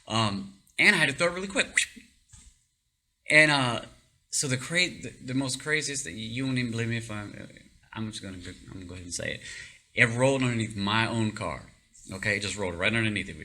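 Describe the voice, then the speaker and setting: A man telling a personal story in a casual, animated way, rambling, restarting often and breaking into laughs. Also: medium pitch. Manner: rambling with many fillers and restarts.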